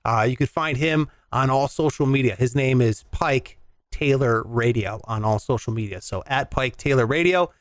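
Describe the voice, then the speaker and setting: A man's voice: mid-range voice, normal speed, no room sound, studio quality. A young man hosting a casual comedy podcast, loose and joking, swearing and laughing as he talks. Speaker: podcast host.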